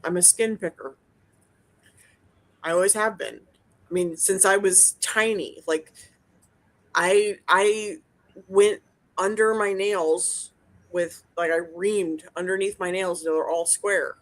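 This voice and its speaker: A woman's voice: lowish voice, slow pace, pauses often. A woman, a dental hygienist, chatting casually as a podcast co-host, blunt and profane, rambling with lots of restarts. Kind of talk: casual chat.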